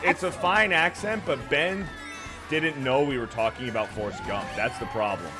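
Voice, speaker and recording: Swearing dude ribbing his buddies on a game stream, loud music behind. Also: medium pitch, moderate pace. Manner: brash, swears, ribs friends. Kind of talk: casual gaming stream chat.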